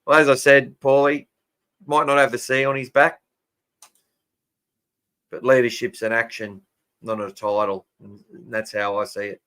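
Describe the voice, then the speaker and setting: A man's voice: medium pitch, little pitch movement, measured pace, pauses often, a bit bright, clean tone. An Australian man hosting a casual fan podcast, chatting and answering listener comments. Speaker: podcast host.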